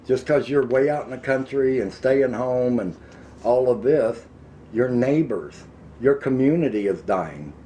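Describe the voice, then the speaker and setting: A middle-aged man with an Ozarks accent, delivering a heated, emphatic rant to camera and slowing down to hammer his points. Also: mid-range voice, lively intonation, dark tone, a little hiss or hum. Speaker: vlogger. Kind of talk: angry political rant to camera.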